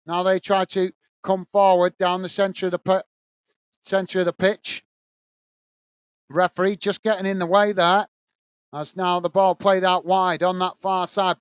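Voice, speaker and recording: Man, high and smooth, dry close mic, casual fan match commentary host. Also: dry recording. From England. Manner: casual, reads viewer messages between play-by-play. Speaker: watch-along host. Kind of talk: live fan commentary and chat reading.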